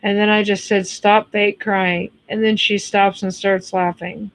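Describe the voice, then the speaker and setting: A woman's voice: medium pitch, flat delivery, normal speed. A woman in her thirties with an American accent, chatting casually on a livestream, blunt and chatty and cursing freely. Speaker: livestream host reading chat. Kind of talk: casual chat.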